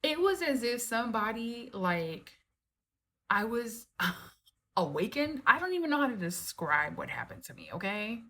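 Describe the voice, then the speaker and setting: A woman telling a personal story to camera from her home, in an animated, casual way, full of "like" and "right?" and the odd swear word. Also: fairly high pitch, a little slow.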